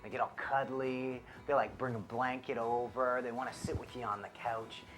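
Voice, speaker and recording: Earnest young dad preaching at home. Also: male voice, mid-range voice, steady tone, moderate pace, fairly bright tone, soft background music. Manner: earnest, conversational, grows impassioned. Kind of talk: devotional talk to camera. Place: child's bedroom at home.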